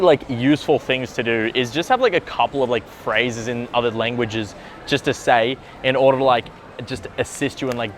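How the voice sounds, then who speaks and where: A man's voice: mid-range voice, a little hiss or hum. A man talking to the camera as a dating coach, in loose, slangy speech full of "like" and "bro", with the odd swear word. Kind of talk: casual coaching talk to camera.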